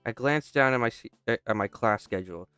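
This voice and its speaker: A man's voice: medium pitch, brisk, sharp tone, smooth, dry recording, soft background music. A young man casually reading a game's text aloud while playing, often stopping to restart and break into joking asides. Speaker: gamer.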